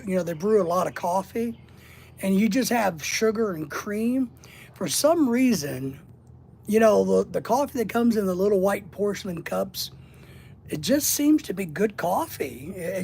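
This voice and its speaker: A man's voice: high-pitched, vocal fry, darkish tone, slightly rough. A middle-aged man hosting a casual livestream, rambling and joking as he reads and answers the chat. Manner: rambling, jokey, repeats words and lists. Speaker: livestream host reading chat.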